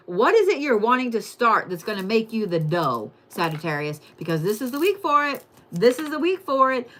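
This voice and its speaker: A woman giving a casual, profane, excitable weekly zodiac reading and calling her viewers y'all. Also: medium pitch. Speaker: tarot and astrology reader.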